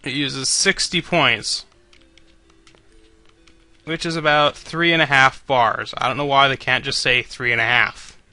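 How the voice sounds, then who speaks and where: A man's voice: medium pitch, steady tone, a little slow, pauses often, bright, forceful tone, no echo, faint music behind. A man commentating on a video game he is playing, swearing constantly and griping sarcastically at the characters. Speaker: let's play commentator.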